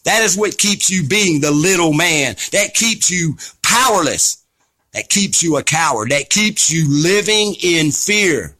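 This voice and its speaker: A man's voice: a little high, lively intonation, unhurried, sharp tone. A man delivering an impassioned, preachy rant to camera, fiery, scolding, blunt and profane. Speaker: vlogger.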